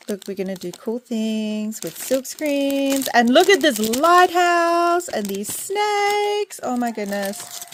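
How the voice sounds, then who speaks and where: A young woman with an Australian accent, chatting excitedly while unboxing her small business order at home. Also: medium pitch, a little hiss or hum. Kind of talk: casual unboxing vlog. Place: home indoors, rain and roosters outside.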